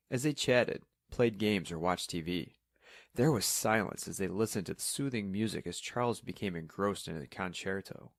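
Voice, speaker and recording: Low-voiced male story narrator. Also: no echo, clean studio sound. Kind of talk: scripted audiobook narration.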